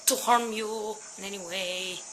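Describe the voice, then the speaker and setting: A woman's voice: medium pitch, steady tone, unhurried, a bit bright, a little hiss or hum, rough recording. A young woman playing a horror game at home, frightened and jittery, swearing and talking to her viewers and her dog. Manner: swears and screams. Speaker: gaming channel host. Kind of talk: horror game let's play commentary.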